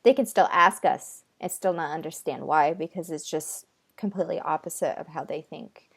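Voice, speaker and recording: A woman channeler talking casually, nervous and halting, with many fillers and restarts, relaying an unseen being's words in her own voice. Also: sits low, creaky, breathy edge. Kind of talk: casual conversation.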